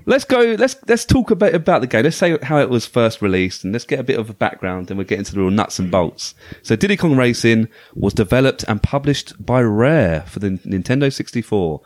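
A man's voice: medium pitch, very animated, brisk, few pauses, dry recording. A man hosting a casual podcast chat about retro video games, talking with enthusiasm and frequent restarts. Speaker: podcast host.

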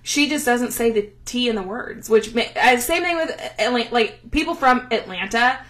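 A woman's voice: fairly high pitch, normal speed, fairly bright tone. A woman from the Southern US with a Southern accent, co-hosting a podcast in chatty, teasing casual talk and laughing often. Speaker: podcast co-host. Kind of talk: casual chat.

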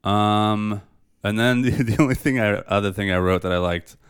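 A man on the low side, speaking smoothly at normal speed, co-hosts a podcast for casual movie review chat. His enthusiastic talk is loose, profane and heavy with fillers.

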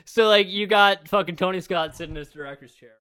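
A man's voice: high voice, fast talker, bright, forceful tone, smooth, dry recording. A man co-hosting a podcast in casual chat, rambling and swearing now and then, laughing often. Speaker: podcast co-host.

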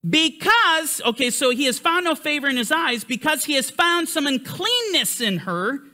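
A man teaches a Bible study sermon emphatically, with big pitch swings up and down to stress his points. He speaks at normal speed with a sharp tone.

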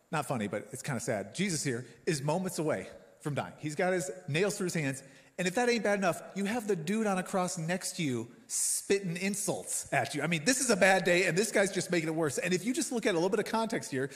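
A man preaching a sermon as a pastor, in a casual, joking, conversational way. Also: on the high side. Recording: long hall reverb.

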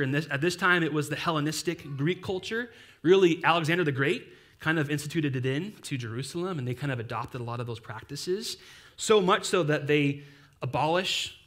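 Young male pastor, slightly high voice, casual sermon with jokey asides. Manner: casual, animated preaching with playful asides.

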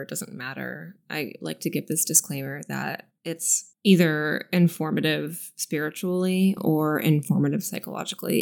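A woman co-hosting a casual chat podcast, answering with wry, quick one-liners. Her voice sits low, with a heavy gravelly fry. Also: a little mellow. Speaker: podcast co-host.

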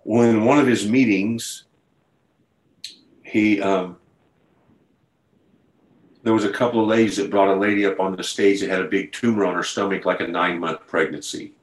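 A man with a lowish voice preaches a sermon over a video call. He talks in a loose, conversational way and then builds into fervent storytelling. The room has a roomy echo around him. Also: fairly even intonation, normal speed, long pauses. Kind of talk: sermon to an online group.

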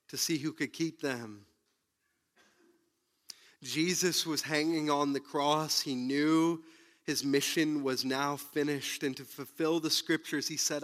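Dramatic preacher, bright forceful voice. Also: male voice. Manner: dramatic, swings between loud outbursts and hushed low passages. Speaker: pastor. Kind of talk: sermon retelling a story.

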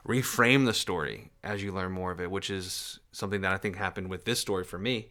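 A man's voice: low-pitched, fairly quick, bright, forceful tone. A man co-hosting a podcast, talking casually and hesitantly with many restarts. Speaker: podcast co-host. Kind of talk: casual chat.

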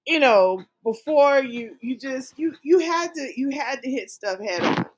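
A woman with a slightly high voice co-hosts a casual podcast chat. She shares her opinions in a conversational way, restarting her sentences as she thinks. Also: expressive, measured pace. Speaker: podcast co-host.

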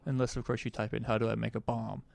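A man on a casual comedy podcast, laid-back and quick to laugh. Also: medium pitch, level tone, gravelly, a little mellow.

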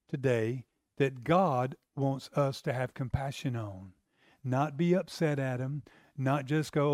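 A man's voice: mid-range voice, slow pace, a little mellow, no room sound, clean studio sound. A man preaching a sermon as pastor, in an emphatic, exclamatory, conversational way.

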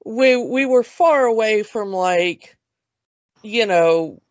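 A woman's voice: mid-range voice, lively intonation, slow, no room sound, highs cut off. A woman co-hosting a casual movie podcast, chatty and rambling, with restarts and laughs. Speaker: podcast co-host.

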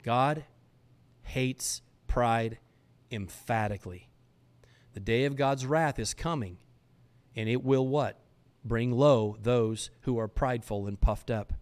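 Man, podcast host, preaching style, emphatic and fervent, middle pitch. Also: slow pace, long pauses, a little mellow. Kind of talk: preaching monologue.

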